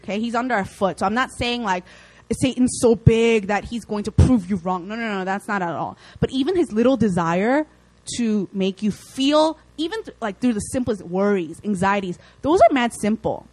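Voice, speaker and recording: A young woman preaching a casual, lively sermon, with chatty asides and playful acted quotes. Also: mid-range voice, moderate pace, low-quality recording.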